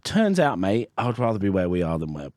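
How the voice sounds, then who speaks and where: A man's voice: fairly low pitch, big pitch swings, fast talker, a little mellow, no room sound, studio quality. A man co-hosting a podcast, telling rambling personal stories in casual chat. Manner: chatty, rambling storyteller with restarts. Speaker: podcast co-host.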